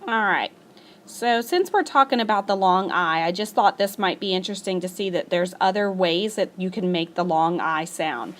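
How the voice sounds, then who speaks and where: A woman teacher recording a spelling lesson as a voice-over for her class. She talks patiently and slows down to stretch out each example word. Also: lowish voice, fairly bright tone. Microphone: screencast voice-over.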